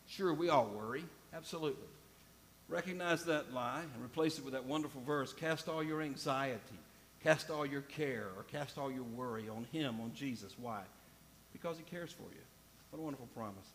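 A man's voice: a little high, fairly bright tone, slight background noise. A man preaching a sermon to a congregation, emphatic and repeating key phrases, speaking to the listeners directly. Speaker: pastor. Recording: long hall reverb.

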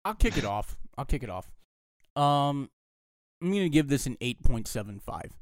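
A man co-hosting a podcast, talking through a film in a hushed, thoughtful, opinionated way. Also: medium pitch, sing-song, normal speed, no echo. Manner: speaking quietly, holding back his voice. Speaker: podcast co-host. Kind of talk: casual film discussion.

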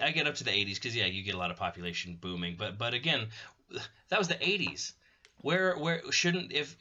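Sharp, bright-toned joking podcast man. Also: medium pitch, muffled recording. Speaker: podcast co-host. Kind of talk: casual chat.

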